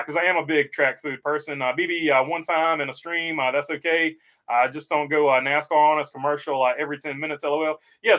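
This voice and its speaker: A man's voice: fairly high pitch, sharp tone. A man hosting a casual livestream, reading viewer comments aloud and chatting easily with many "uh" fillers. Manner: frequent "uh" fillers, easygoing. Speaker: livestream host reading chat.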